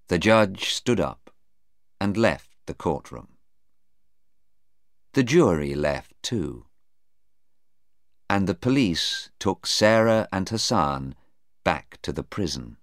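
A man reading a story aloud as narrator, slowly and clearly. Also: no room sound, studio quality. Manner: slow, careful reading with lively pitch. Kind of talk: scripted narration of a graded reader.

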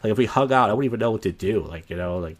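A man's voice: fairly low pitch, expressive, racing. A young man, a comedian co-hosting a podcast, telling a long rambling story in casual chat, often restarting his sentences.

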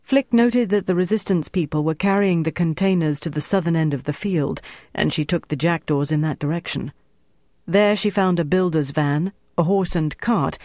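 Male audiobook narrator, slightly high voice, steady measured pace. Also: dry recording.

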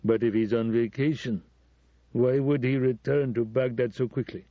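A man's voice: medium pitch, fairly even intonation, normal speed, no room sound, close to an everyday voice. A man voicing a curt, impatient middle-aged male ambassador woken by a phone call, brusque and demanding. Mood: calculating.

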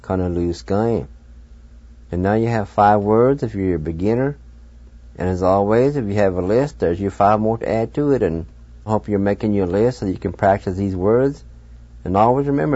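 A man hosting a radio language lesson, patiently spelling out words letter by letter and pronouncing each one slowly. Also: on the low side, dark tone, no room sound, muffled recording. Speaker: radio language teacher and host.

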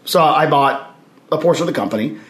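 A man telling anecdotes as a podcast guest in a lively way, acting out what others said and laughing along. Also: fairly high pitch, fairly quick. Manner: animated anecdotes, acts out others' lines, laughs while telling. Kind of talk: storytelling in casual conversation. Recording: roomy echo.

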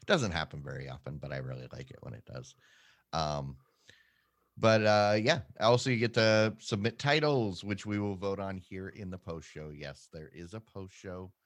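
A man co-hosting a podcast chats casually, rambling and making jokes at his own expense with quick pitch jumps. The recording is dry and studio quality.

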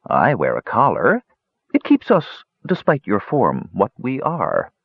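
A man's voice: fairly low pitch, wildly swooping pitch, measured pace, gravelly, husky, no echo, heavily acted. A man doing a sly lazy tabby cat. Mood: wry. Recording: slightly dull lo-fi recording.

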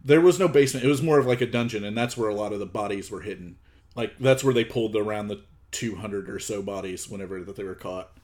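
A man hosting a podcast, telling a story in relaxed, wry casual chat. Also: lowish voice, fast. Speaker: podcast host.

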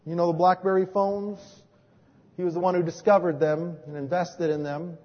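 A man preaching as a pastor, telling stories from his ministry and moving between hushed and emphatic delivery. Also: high voice, little pitch movement, moderate pace. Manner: storytelling, swings from hushed to emphatic. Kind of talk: sermon with personal testimony. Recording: dull recording in a reverberant hall.

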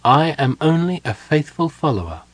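A man's voice: on the high side, very animated, normal speed, dry recording, pitched above the performer's own voice. A man voicing a serene, commanding young woman. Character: calm devout young woman prisoner.

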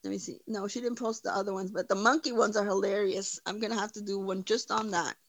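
A woman's voice: mid-range voice, steady tone, fast, vocal fry, dry recording. A woman hosting a livestream, giving blunt, profane, mocking commentary. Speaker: livestream host. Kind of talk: casual commentary.

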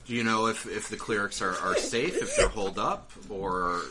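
A man's voice: fairly low pitch, big pitch swings, moderate pace, very noisy. A man playing a tabletop game, talking in a playful, eager way. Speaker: player. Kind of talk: casual tabletop game play.

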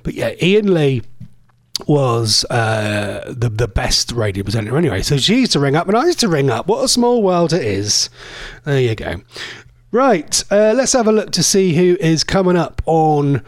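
A man's voice: on the high side, sing-song, normal speed, no room sound, studio quality. A man hosting an online radio show from a cold home conservatory, chatting in a rambling way and correcting himself as he goes. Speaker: internet radio host. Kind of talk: casual radio chat.

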